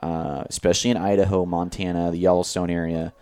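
A man in casual conversation who speaks in a measured, hesitant way and often restarts his sentences. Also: low-pitched, flat delivery, darkish tone, clear, resonant tone. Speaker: podcast co-host. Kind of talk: casual chat.

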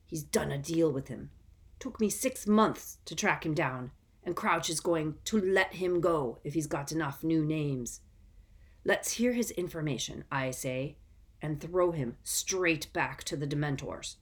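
A woman puts on a gruff, growling old fighter who mutters his contempt in a storybook reading. His voice is low and sardonic. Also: a little slow.

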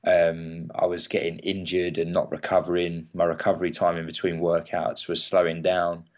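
A man in his thirties, a personal trainer answering interview questions in a relaxed, hesitant way with many ums. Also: low voice, normal speed, highs cut off.

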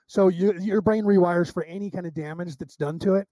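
A middle-aged man with a high, dark-toned voice tells anecdotes in a relaxed interview and acts out every line of dialogue with plenty of restarts. The sound is dry and close. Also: brisk, dry recording. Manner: animated storyteller acting out quoted dialogue, with restarts. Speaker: psychic medium guest. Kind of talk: casual interview storytelling.

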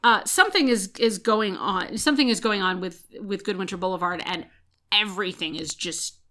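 A woman with a bright, sharp voice walks through a book's plot for her co-host. She talks in a casual, chatty way and fills gaps with "um" as she goes. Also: medium pitch, moderate pace. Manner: retells plot at length with frequent "um" fillers. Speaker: podcast co-host. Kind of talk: casual book recap chat.

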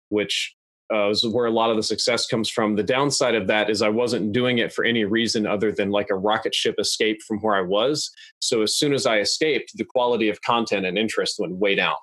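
A young adult man talking in a measured, analytical, plain-spoken way as a podcast guest. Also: on the low side, steady tone, fairly bright tone, dry recording. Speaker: guest YouTuber. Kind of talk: casual podcast interview. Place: podcast studio.

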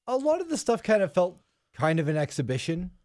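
A man's voice: high-pitched, wildly swooping pitch, a little fast, darkish tone, dry recording, studio quality. A man co-hosting a casual wrestling podcast, joking and offhand, swearing now and then. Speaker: podcast co-host.

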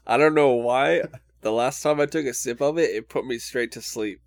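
A laid-back man chatting casually with friends on a podcast, dropping "bro" into his sentences. His middle-pitched voice is recorded dry and close, with no room sound. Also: moderate pace, vocal fry, no room sound. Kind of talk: casual chat.

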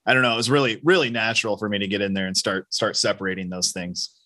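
A man hosting a podcast, telling a relaxed personal anecdote in casual chat. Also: lowish voice, fast, no echo, studio quality. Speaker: podcast host.

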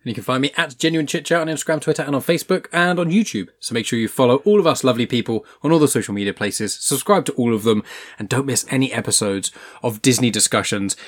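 A man's voice: mid-range voice, slightly rough. A man, hosting a podcast and chatting casually as he closes the episode. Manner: chatty, wraps up with plugs. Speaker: podcast host. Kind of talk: casual chat and show outro.

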